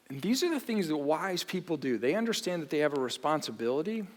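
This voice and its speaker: A man preaching a sermon in a church, animated, often repeating and restarting his phrases. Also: on the high side, fast talker, few pauses. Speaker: pastor. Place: church auditorium. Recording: long reverb of a large hall.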